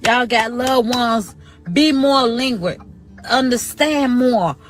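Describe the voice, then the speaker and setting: A woman's voice: a little high, slow pace. Grieving woman pleading, with music behind. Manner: preachy, pleading, quotes scripture. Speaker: grieving sister in a live video. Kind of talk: emotional testimony.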